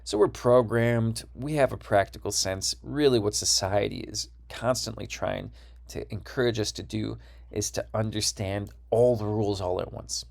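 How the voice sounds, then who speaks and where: A man's voice: fairly low pitch, normal speed, vocal fry, a little mellow. A man with a Wisconsin accent giving a recorded course lecture, explaining ideas and checking in with "right?".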